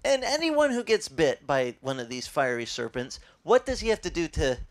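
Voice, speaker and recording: A man's voice: fairly high pitch, big pitch swings, normal speed. A man voicing God as a casual, confident, soothing figure. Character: God, laid-back and reassuring.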